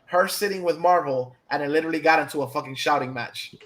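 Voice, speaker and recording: A man co-hosting a podcast in casual chat, teasing and animated, swearing freely. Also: on the high side, quick pace, rough recording. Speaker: podcast co-host.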